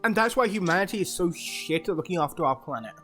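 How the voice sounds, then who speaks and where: A co-streamer on a casual game stream who jokes freely. The pitch moves in a lively way around a middle register, with faint game music behind. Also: quick pace.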